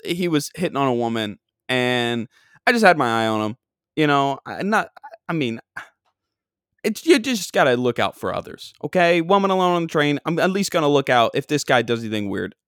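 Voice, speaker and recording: A man's voice: medium pitch, big pitch swings, moderate pace, fairly bright tone, clean tone, no echo, studio quality. A man from Long Island, rambling casually through a funny story with lots of fillers and self-deprecating asides. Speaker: comedian podcast host.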